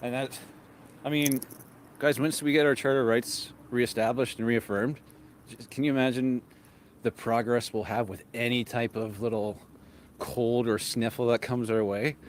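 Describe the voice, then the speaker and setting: A man's voice: mid-range voice, steady tone, moderate pace. A man hosting a walk-and-talk livestream outdoors, holding a handheld mic as he walks. He sounds a little out of breath from walking and keeps his chat casual, reading viewer comments aloud. Faint street noise sits behind his voice. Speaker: livestream host. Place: outdoors on a street in cold weather. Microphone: handheld microphone.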